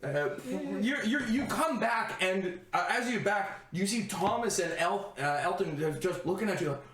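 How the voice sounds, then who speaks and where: A man's voice: high-pitched, lively intonation, moderate pace, a bit bright, echoey room. A man narrating as game master of a tabletop game, rambling with frequent restarts and laughter.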